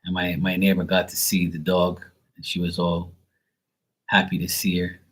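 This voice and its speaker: Husky, blunt man telling stories. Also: low-pitched, monotone, normal speed, a bit bright. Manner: blunt, profane, rambling. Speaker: live stream tarot reader. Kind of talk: casual storytelling chat.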